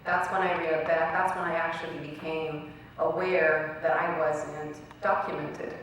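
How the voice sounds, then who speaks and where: Young woman guest speaker, earnest storyteller, lowish voice, distant recording with faint background noise. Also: level tone, a little slow, a bit bright. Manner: earnest storyteller, acts out quoted dialogue. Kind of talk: personal speech to an audience. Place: college event hall. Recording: very echoey hall recorded from far off.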